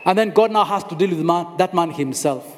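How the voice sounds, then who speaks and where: A man's voice: high voice, a little fast, a little hiss or hum. A man preaching a sermon, telling the story dramatically, acting out the voices and repeating phrases for emphasis. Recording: long hall reverb.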